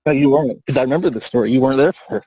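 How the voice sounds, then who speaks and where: A man's voice: medium pitch, very fast, dark tone, dry recording. A man arguing on a livestream, mocking and taunting his opponent and laughing at him. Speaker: livestream guest. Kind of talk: heated argument on a livestream.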